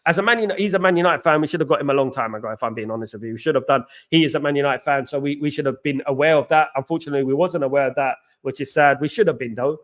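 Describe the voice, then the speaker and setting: Animated English man, slightly high voice. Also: very fast, few pauses. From England. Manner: animated, repetitive, banter-heavy with slang shout-outs. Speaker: live stream host. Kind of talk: casual live-stream chat reading viewer comments.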